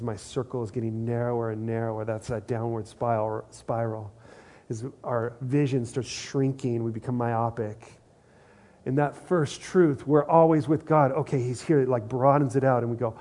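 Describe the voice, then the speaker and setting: Mellow-voiced man preaching conversationally. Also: medium pitch, steady tone, normal speed. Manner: conversational, earnest, repeats phrases for emphasis. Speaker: pastor. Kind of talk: sermon.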